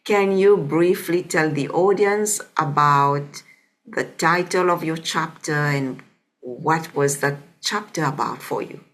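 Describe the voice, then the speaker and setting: Slow and deep-voiced, with a slightly bright edge, a woman hosts a conversational podcast interview. She speaks reflectively, frequently tacking on "you know?"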